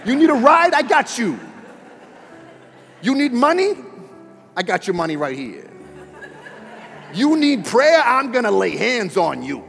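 Pastor doing a brash New York mobster. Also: male voice, extremely high pitch, wildly swooping pitch, unhurried, gravelly, pauses often, pitched above the performer's own voice, full character voice. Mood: swaggering. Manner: loud, tough-guy swagger. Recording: long reverb in a large hall, faint music.

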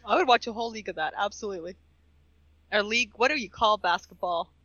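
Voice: medium pitch, fast, bright, forceful tone, dry recording, lo-fi sound. A podcast co-host in casual chat, blunt and swearing freely.

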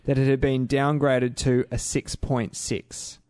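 A man's voice: medium pitch, little pitch movement, unhurried, a little mellow, smooth, dry recording, clean studio sound. A man co-hosting a podcast, chatting casually and explaining things with enthusiasm. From Australia. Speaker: podcast co-host. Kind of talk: casual chat.

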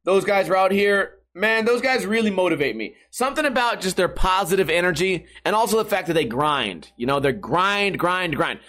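A man's voice: high-pitched, lively intonation, brisk, few pauses, fairly bright tone. A young man talking straight to camera in a casual, sarcastic rant, swearing freely as he vents about his internet and skating. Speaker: skateboarder vlogger. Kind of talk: casual profane monologue.

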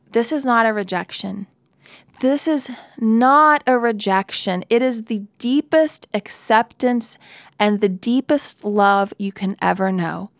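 A woman's voice: on the high side, clean tone, no room sound, studio quality. A woman preaching a sermon in an earnest, conversational way, with playful asides.

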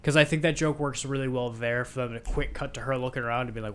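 A man's voice: mid-range voice, steady tone, fast talker, fairly bright tone. A man co-hosting a podcast, casually retelling film scenes with lots of fillers and swearing. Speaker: podcast co-host. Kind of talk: casual movie discussion.

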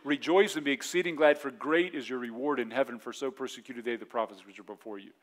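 A male pastor in his forties delivers a sermon in a loose, conversational way. His voice sits at an ordinary middle pitch. He keeps slipping into short voiced asides. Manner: conversational preaching, acts out quick voiced asides.

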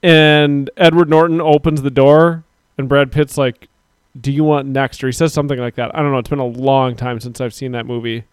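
Laughing man, smooth dry voice. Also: mid-range voice, little pitch movement, fairly quick, dry recording. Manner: joking, laughs often, reads chat aloud. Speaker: livestream co-host. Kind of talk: casual crude banter.

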